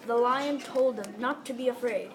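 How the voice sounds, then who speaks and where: A woman with a slightly high voice reads a story aloud at a moderate pace as one of several narrators in a group reading. Her delivery is plain with a few restarts, and crowd noise can be heard behind her.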